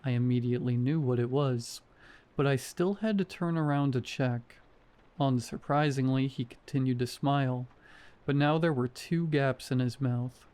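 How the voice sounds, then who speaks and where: Guy narrating a creepy story, calm and steady, dark mellow voice. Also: medium pitch, moderate pace, smooth. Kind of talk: scripted narration.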